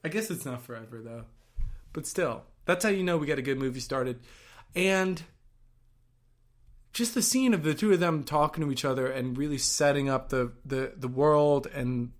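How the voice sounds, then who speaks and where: Excitable man gushing over a movie. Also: medium pitch, moderate pace. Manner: excitable, gushing, bursts into yelling. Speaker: actor and writer as guest. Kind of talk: casual watch-along movie commentary.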